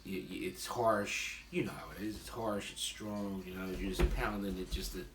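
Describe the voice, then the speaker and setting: A man with a deep voice and fairly even intonation tastes his own homebrewed beer for a casual vlog, speaking at a normal speed. He rambles, fills gaps with fillers and makes self-deprecating asides. Captured by a distant mic, the audio is roomy and noisy.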